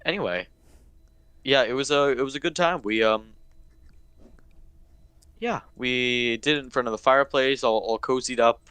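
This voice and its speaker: A man's voice: moderate pace, pauses often, a bit bright, clear, resonant tone, no echo. A young man in his teens, co-hosting a casual podcast chat, playful and given to silly asides. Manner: playful, jumps into silly high squeaky bits. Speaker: podcast co-host.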